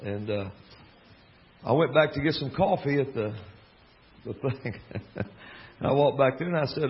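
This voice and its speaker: A man's voice: medium pitch, animated, normal speed, creaky, pauses often, lo-fi sound. A man from Alabama with a Southern drawl, a gospel singer and preacher telling joking stories from the pulpit. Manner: joking, drawling, storytelling with asides. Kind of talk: folksy storytelling sermon.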